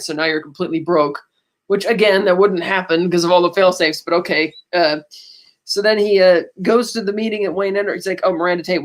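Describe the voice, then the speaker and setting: Woman co-host, casual recap voice, loose character quotes. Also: fairly low pitch. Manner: retells a film plot, breezily quoting characters. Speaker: podcast co-host. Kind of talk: casual chat.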